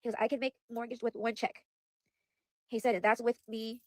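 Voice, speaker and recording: A woman's voice: on the high side, level tone, fairly quick, darkish tone, dry recording. A young woman rambling anxiously to her viewers in a casual vlog, repeating herself and saying "like" and "you guys" a lot. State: upset and worried. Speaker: vlogger.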